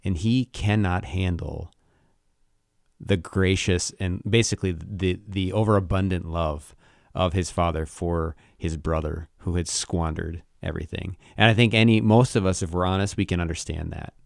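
Gravelly deep-voiced man discussing faith. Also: steady tone, dry recording, studio quality. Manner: thoughtful, halting, restarts mid-thought. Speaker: co-host.

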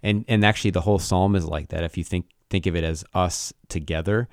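A man with a deep, gravelly voice co-hosts a relaxed conversation about faith. He thinks aloud in a halting way and restarts his sentences often. The sound is close and dry. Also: no room sound. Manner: thoughtful, halting, restarts mid-thought. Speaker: co-host. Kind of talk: casual faith discussion.

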